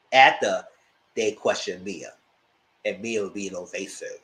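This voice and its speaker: A man giving blunt, profane live commentary on reality TV episodes, acting out cast members' lines in high voices. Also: measured pace, pauses often, fairly bright tone, echoey room, low-quality recording. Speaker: reality TV reviewer. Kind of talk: live casual recap commentary.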